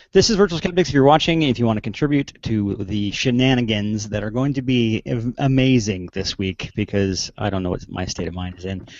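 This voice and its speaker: A man's voice: fairly low pitch, creaky, darkish tone, dry recording, muffled recording. A man hosting a casual online panel show from a video call, joking and mocking himself as he introduces the crew. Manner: joking, self-mocking, playful.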